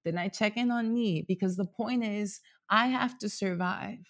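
A man's voice: sits high, moderate pace, fairly bright tone. A man in his thirties talking candidly and at length as a guest, rambling with lots of "like" and casual swearing, recorded at home. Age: 30s. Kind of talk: casual heartfelt conversation. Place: home apartment.

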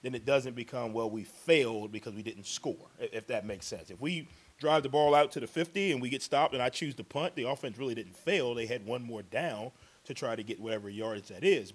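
A man, a college football coach, answering press conference questions in a measured, explanatory way with frequent ums. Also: mid-range voice.

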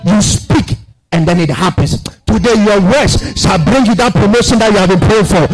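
A man preaching a sermon in a church, swinging from shouted declarations to quiet asides. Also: sits high, animated, moderate pace, breathy edge, faint music behind, poor audio. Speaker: pastor. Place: church sanctuary.

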